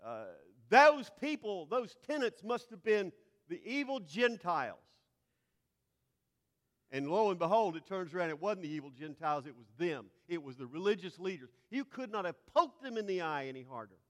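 A man with a high voice preaches a teaching sermon, stumbling over repeated words as he works toward a point. He builds to forceful, emphatic peaks. His voice rings through a hall with a long reverb. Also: sing-song, brisk.

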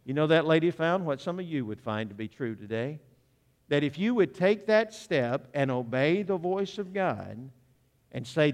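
Male preacher, storytelling sermon, somewhat high voice, echoing sanctuary. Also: moderate pace. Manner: animated, humorous storyteller, direct appeals to listeners. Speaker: visiting preacher. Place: church sanctuary. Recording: long reverb of a church hall.

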